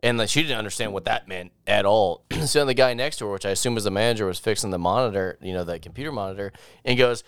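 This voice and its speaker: A young man riffs and teases his co-host in easy casual chat, laughing through his own stories. His voice is smooth and clean, recorded up close with no room sound. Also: lowish voice, quick pace, fairly bright tone, no room sound. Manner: joking, teasing, trails off into laughter. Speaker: podcast co-host.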